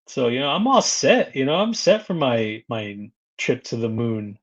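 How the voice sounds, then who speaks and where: Lively, chatty man on a muffled stream. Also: mid-range voice, a little slow. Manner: chatty, reads out viewer comments and greets them; laughs often between remarks. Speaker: live stream host. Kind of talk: casual live stream chat.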